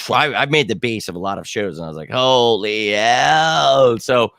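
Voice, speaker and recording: A middle-aged man hosting a fan live stream, chatting casually with viewers in an excitable, slangy way and bursting into shouts now and then. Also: fairly low pitch, a little fast, no echo, studio quality. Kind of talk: casual live chat answering viewer comments.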